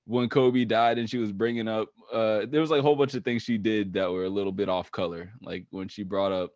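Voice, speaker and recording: A man's voice: lowish voice, steady tone, a little fast, darkish tone, dry recording, dull audio. A man hosting a casual sports podcast, talking loosely with lots of filler words. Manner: loose, laid-back talk full of "like" and "right on". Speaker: podcast host.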